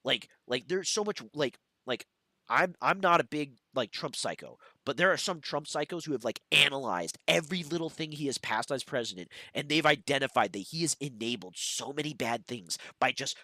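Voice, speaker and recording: A man in his twenties from the United States, chatting casually as a podcast host, rambling with lots of filler words and swearing, and getting fired up and loud when he rants. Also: mid-range voice, expressive, moderate pace, no room sound. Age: 20s. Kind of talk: casual chat.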